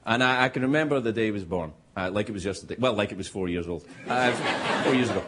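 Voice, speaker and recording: A man's voice: on the low side, fast. A middle-aged man, a late-night host giving a stand-up monologue, rambling and self-interrupting and chuckling at his own jokes, with audience laughter behind him. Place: TV studio with live audience. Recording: noisy studio audio with crowd laughter.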